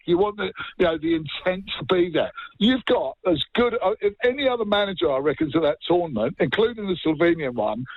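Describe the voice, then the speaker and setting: Ranting English football pundit on a dull line. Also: male voice, fairly high pitch, no echo. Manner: animated, ranting. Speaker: sports pundit. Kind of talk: sports radio banter.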